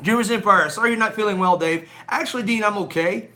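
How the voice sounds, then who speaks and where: A man's voice: sits high, quick pace, pushed and bright. A man hosting a casual live stream from his home, greeting viewers by name in an upbeat way with a slightly scratchy throat. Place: at home indoors. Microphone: phone on a gimbal.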